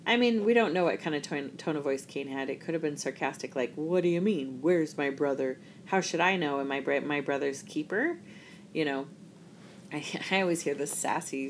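Low-voiced mom chatting thru her thoughts on the week's torah reading, easygoing, faint hiss behind. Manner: reflective, chatty, with laughs and restarts. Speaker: parent sharing a weekly Torah reflection. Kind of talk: casual talk.

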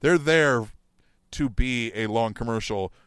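A man's voice: mid-range voice, measured pace, a bit bright, smooth, no echo, clean studio sound. A man co-hosting a wrestling podcast, reading listener tweets aloud and chatting with wry remarks.

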